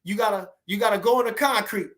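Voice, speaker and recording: A man's voice: sits high, fast talker, fairly bright tone. A man hosting a casual boxing livestream, talking loosely and animatedly, full of "you know what I'm saying" asides. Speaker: boxing channel host.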